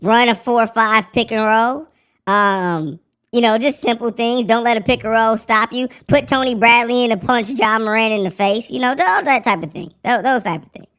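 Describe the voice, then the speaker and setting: A young man hosting a live sports podcast through a squeaky pitch-shift voice changer, joking and swearing in slang. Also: normal speed, sharp tone, smooth, heavily acted. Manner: joking, profane slang, mock breaking-news delivery. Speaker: podcast host.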